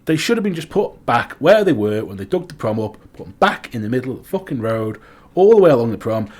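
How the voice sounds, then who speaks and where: A young man with a Manx accent, co-hosting a casual chat podcast, who swears freely and gets animated when he rants. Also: medium pitch, fast talker. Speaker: podcast co-host.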